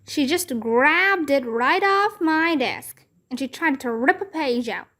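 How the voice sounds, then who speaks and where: A woman voicing a feisty, bossy little first-grade girl who protests loudly and indignantly in a children's book read-aloud. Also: sits high, animated, slow pace, heavily acted. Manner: indignant, loud, stamping protests.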